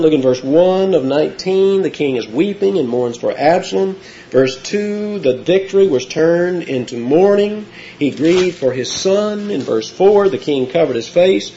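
A man's voice: medium pitch, animated, unhurried, a little mellow. A man preaching an expository sermon, telling the story with animation and acting out the quotes. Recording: dull lo-fi recording.

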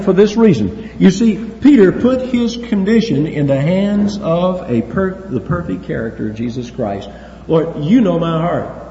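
A man preaching a sermon with lively emphasis and chuckling asides. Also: medium pitch. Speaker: pastor. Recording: echoey hall, dull lo-fi sound, faint hiss.

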